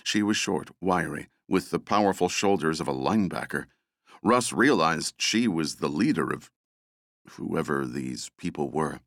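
A man narrating an action novel as an audiobook, dramatic and expressive. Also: very deep voice, measured pace, dry recording, studio quality. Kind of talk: scripted narration.

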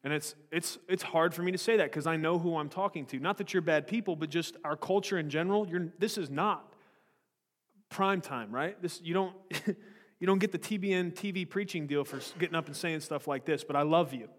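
Blunt joking preacher in an echoing hall. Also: male voice, on the high side, fairly quick. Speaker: pastor. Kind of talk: sermon. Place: church sanctuary. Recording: long echo of a large hall.

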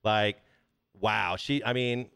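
A man's voice: on the low side, fairly even intonation, slow, vocal fry, fairly bright tone, clean tone, dry recording, clean studio sound. A man co-hosting a casual film podcast, talking enthusiastically and swearing freely. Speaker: podcast co-host.

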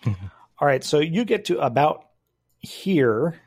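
A man's voice: a little high, big pitch swings, slow pace, gravelly, darkish tone, slightly rough. A man acting as game master, explaining rules and narrating a tabletop game with frequent hesitations.

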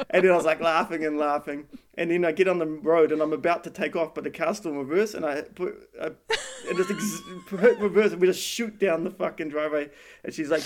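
A man tells a winding personal story in casual chat. His voice sits a little high for a man, and he swears freely and laughs at his own mishaps as he rambles on. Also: quick pace, a little hiss or hum. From New Zealand. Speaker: storyteller guest. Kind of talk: casual anecdote telling.

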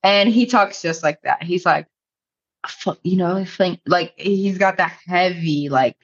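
A woman's voice: on the low side, measured pace. An American woman co-hosting a podcast in a casual, rambling chat, filling her speech with "like" and laughing easily. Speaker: podcast co-host. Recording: dull lo-fi sound.

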